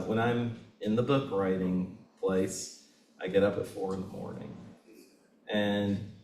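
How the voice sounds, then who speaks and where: Earnest man, low voice, echoey room. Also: mellow, distant mic, slight background noise. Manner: earnest, reflective, many pauses and fillers. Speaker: author at a book reading. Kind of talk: Q&A answers at a reading. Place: bookstore event space.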